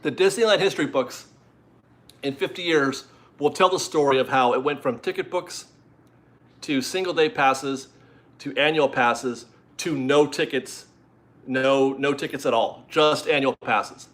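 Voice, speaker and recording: A man's voice: medium pitch, unhurried, a bit bright. Guy hosting a live stream from home, chatty, rambly, reading out viewer messages. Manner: chatty and rambling, easily amused.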